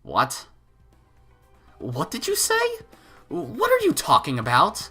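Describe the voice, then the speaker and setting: A man's voice: medium pitch, animated, fairly quick, pushed and bright, faint music behind. A man voicing a stern, proud middle-aged noblewoman who talks in an indignant, commanding, clipped way.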